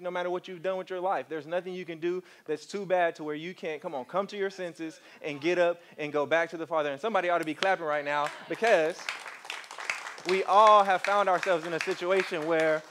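Man preaching, fairly high voice, animated storyteller who keeps coaxing the crowd. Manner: animated storytelling, coaxes the congregation. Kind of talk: sermon.

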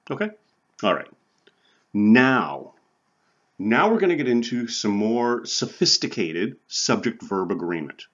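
A male college instructor with a husky, fairly low voice, giving a recorded lecture. His pitch swings widely as he explains, and he keeps checking in with "right?" and "okay?" The audio is dull and muffled. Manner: conversational, repeats "right?" and "okay?" often, chuckles. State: sweating from the heat. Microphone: recording for online viewers.

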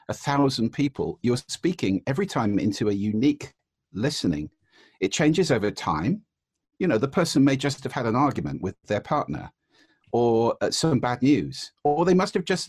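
A man's voice: medium pitch, a little mellow, breathy edge, no echo, studio quality. A man answering interview questions about the voice, explaining and demonstrating voice techniques. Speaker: voice expert guest.

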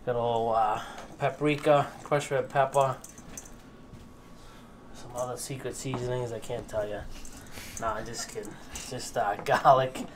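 A man's voice: medium pitch, noisy background. A man with a Massachusetts accent cooking at an outdoor grill, cracking dad jokes as he goes. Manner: joking, self-mocking dad jokes. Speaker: cook. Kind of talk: casual cooking chat.

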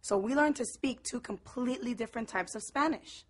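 Lively higher-voiced young woman from Brooklyn. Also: fairly quick, husky. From Brooklyn, New York. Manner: lively, switches between English and Spanish. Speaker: storyteller. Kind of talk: personal monologue to camera.

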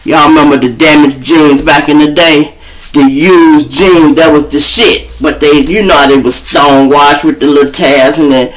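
A man's voice: a little high, normal speed, faint music behind, rough recording. A man with a Chicago accent, hosting his own show and telling profane street stories in a casual way, acting out the other people's voices. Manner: animated storyteller, acts out voices, profane. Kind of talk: casual storytelling.

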